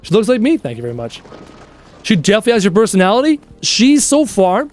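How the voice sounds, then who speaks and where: A man in his thirties with a fairly high voice talks to his stream chat in a loose, chatty way. He tells stories with animated energy and picks up viewer questions as they come. Soft music sits faintly under his voice. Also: fast talker. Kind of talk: casual live-stream chat.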